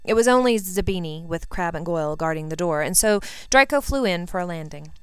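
A woman reads a story aloud at an even, unhurried pace. Her voice is lowish and very smooth, recorded close and dry. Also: no echo. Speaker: reader. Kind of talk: fan fiction audiobook reading.

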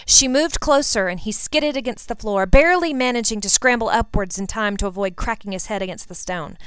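A woman reading a fan fiction story aloud, narrating in an even, unhurried way. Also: medium pitch, smooth, no room sound. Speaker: reader.

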